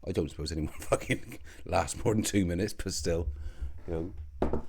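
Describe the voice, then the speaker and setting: A man with a low, mellow voice delivers a rambling, profane rant straight to camera. He is sardonic and slips in and out of a mock accent as he goes. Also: moderate pace, gravelly, a little hiss or hum. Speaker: online commentator. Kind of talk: ranting video commentary.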